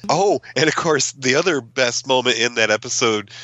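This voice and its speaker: A man hosting a podcast in a relaxed casual chat, chuckling and searching for words. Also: medium pitch, normal speed, dry recording, dull audio. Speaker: podcast host.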